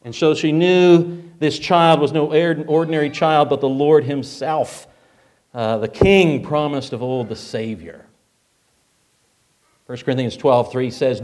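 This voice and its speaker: A man's voice: fairly high pitch, a little slow, a little mellow. A male preacher giving a sermon in a conversational way, asking rhetorical questions with frequent filler words.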